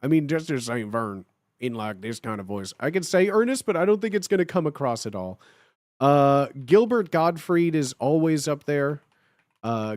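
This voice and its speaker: Halting male livestreamer, slightly high, dry. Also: darkish tone, no echo. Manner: halting, with many filler sounds and restarts. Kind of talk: casual livestream chat with viewers.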